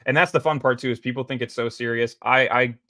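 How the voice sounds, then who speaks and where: Brief: male podcast guest, blunt and opinionated, flat delivery. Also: mid-range voice, fast talker, no room sound. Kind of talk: casual debate chat.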